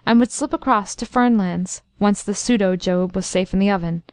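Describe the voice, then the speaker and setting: A woman narrating a classic story in an even, expressive storytelling manner. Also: medium pitch, moderate pace, clear, resonant tone, no room sound, studio quality. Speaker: audiobook narrator.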